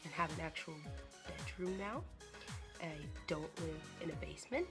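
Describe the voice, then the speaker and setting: A young woman vlogging in a casual, rambling way, her voice hoarse and congested from a cold. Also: lowish voice, big pitch swings, moderate pace, over loud music. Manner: rambling, chatty, trailing off into fillers. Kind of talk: casual chat to camera.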